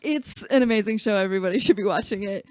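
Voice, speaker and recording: A woman's voice: mid-range voice, fast, a little mellow, no room sound. Upbeat woman podcast host, dry mic. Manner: laughs often, upbeat and enthusiastic. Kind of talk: casual chat.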